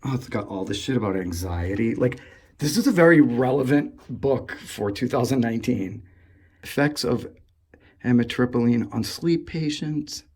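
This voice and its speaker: A man, vlogging while exploring an abandoned asylum indoors, gushing excitedly, swearing and rambling to himself. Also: mid-range voice, normal speed, husky. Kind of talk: casual explore vlog, talking to camera.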